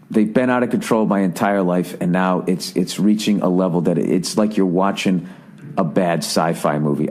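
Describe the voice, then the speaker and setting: A man's voice: lowish voice, a little mellow. A man hosting a podcast, delivering a profane, sarcastic, exasperated comedic rant in a casual monologue. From United States. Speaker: podcast host.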